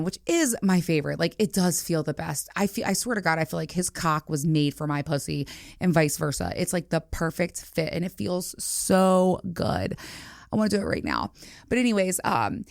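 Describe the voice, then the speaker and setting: Candid forties woman host, a little low in pitch, dry studio sound, explicit chatty delivery. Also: no room sound. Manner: frank, explicit, chatty with many fillers. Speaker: podcast host. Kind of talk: candid casual chat.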